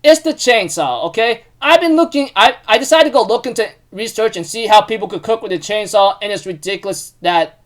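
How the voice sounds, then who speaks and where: A man's voice: high voice, brisk. A man casually recapping an anime episode, rambling with lots of "you know" and loosely retelling each scene. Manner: laughs and gets animated when amused.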